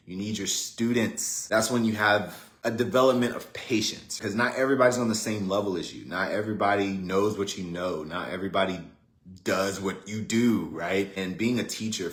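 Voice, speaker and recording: A man hosting a casual motivational talk in a relaxed, chatty way with many fillers. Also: fairly low pitch. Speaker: host. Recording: roomy echo.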